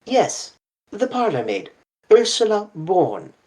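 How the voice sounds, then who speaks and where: A reader voicing a fussy, sharp-minded older male detective who asks precise, probing questions. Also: mid-range voice, very animated, slow, voice pushed up.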